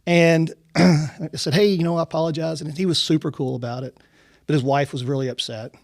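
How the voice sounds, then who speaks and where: A man from Kentucky, a company executive, telling relaxed anecdotes in a podcast interview, with lots of "you know". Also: fairly high pitch, a little fast, gravelly, no echo, clean studio sound. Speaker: racetrack company executive, guest. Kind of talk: casual storytelling in a podcast interview.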